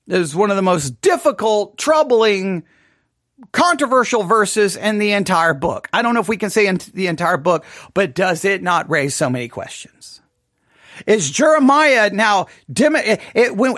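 A man's voice: sits high, animated, normal speed, a bit bright, dry recording, studio quality. A man teaching a Bible study class, thinking aloud and asking many rhetorical questions.

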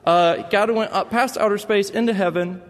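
A man doing a high preachy little boy. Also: moderate pace, long reverb tail, natural voice. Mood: explaining. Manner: high, insistent, scolding. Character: earnest preachy four-year-old boy.

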